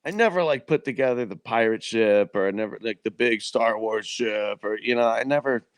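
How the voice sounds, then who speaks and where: A middle-aged man co-hosting a podcast, laid-back and quick to laugh in casual chat. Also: on the low side, dry recording. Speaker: podcast co-host.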